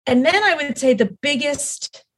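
A woman's voice: sits high, animated, a little slow. A middle-aged woman talking as a podcast guest, telling her story in an earnest, rambling way with many fillers and restarts. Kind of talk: casual conversational storytelling.

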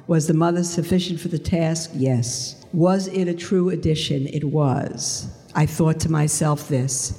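A woman's voice: deep voice, mellow. Earnest woman speaking in a reverberant hall. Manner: earnest, slowing for emphasis. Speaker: speaker giving a conversion testimony. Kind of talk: testimony talk.

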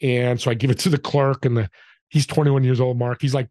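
A man's voice: mid-range voice, flat delivery, a little fast, warm tone, no room sound, clean studio sound. A man guesting on a podcast, telling stories in an upbeat, motivational way. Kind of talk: casual interview chat.

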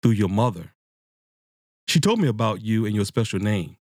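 A man voicing an old man in a nursing home bed, reading his lines quietly and plainly. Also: lowish voice, animated, normal speed, no echo, clean studio sound. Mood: earnest.

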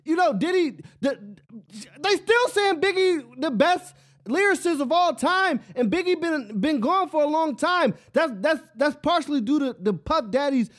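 A man with a very high voice hosts his own show and rants in a loose, rambling way. He keeps asking if you follow him and often laughs at his own jokes. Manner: rambling, animated, repeats "you know what I'm saying". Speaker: podcast host. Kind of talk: solo casual rant.

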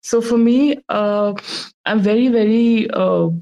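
Tearful woman with a gravelly voice. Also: on the high side, warm tone, lo-fi sound. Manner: emotional, halting, many fillers. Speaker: artist guest. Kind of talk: casual live audio chat.

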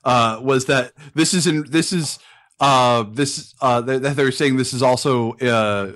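A man's voice: medium pitch, measured pace, a bit bright. A man co-hosting a casual movie commentary show, emphatic and profane, often repeating his point. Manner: emphatic, swears, repeats himself. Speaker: movie review podcast co-host.

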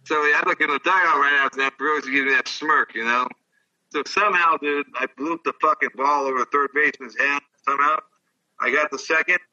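This former ballplayer, now older, rambles through profane stories as a guest in relaxed conversation. He speaks a little fast with a fairly high pitch and a sharp tone, picked up by a distant mic that cuts off the highs.

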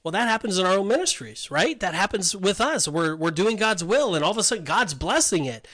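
A man with a fairly high voice talks through a Bible passage in a relaxed podcast chat. He slips into quick acted-out asides to voice what people might say. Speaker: podcast co-host. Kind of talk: casual Bible discussion.

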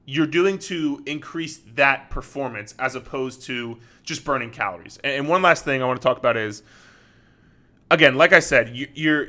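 A man's voice: mid-range voice, bright, forceful tone. A man who works as a fitness coach, talking straight to the listener in an earnest solo podcast monologue.

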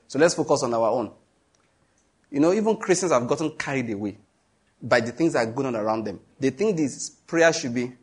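A Nigerian man preaching with a Nigerian accent, his voice a little raised in pitch and husky around the edges. He drives his points home emphatically, reads scripture at a slow, deliberate pace and trades jokes with the congregation. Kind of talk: sermon.

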